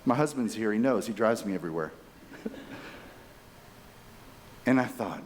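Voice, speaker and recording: A man, giving a conference keynote as a lively storyteller who speaks straight to his audience. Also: on the low side, moderate pace, long pauses, slight background noise. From Texas. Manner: animated, chatty, addresses audience directly. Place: conference hall. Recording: reverberant conference hall.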